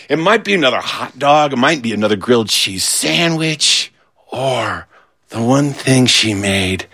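A man telling a funny childhood story in an animated, playful way, swooping between low and high. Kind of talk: humorous personal storytelling.

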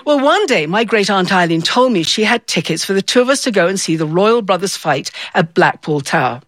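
A woman from the north of England telling a personal story in a playful, expressive way, acting out the voices in it. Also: mid-range voice, brisk, no room sound.

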